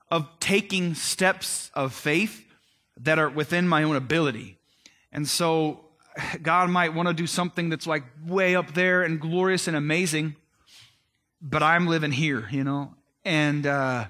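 A man delivering a casual, conversational sermon as a pastor, speaking to his listeners directly and informally. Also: on the high side. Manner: conversational, animated, addresses listeners as guys and man.

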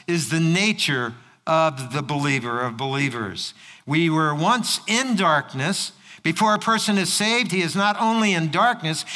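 Pastor, male, high bright voice, preaching a sermon with lively storytelling, reverb of a church hall. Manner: storytelling, acting out voices in anecdotes.

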